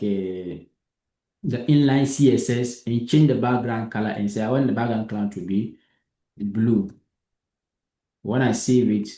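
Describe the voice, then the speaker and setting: A man's voice: mid-range voice, warm tone, reverberant. A man teaching a live coding lesson, patient, who keeps asking if his student understands. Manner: patient, repeats himself and checks understanding.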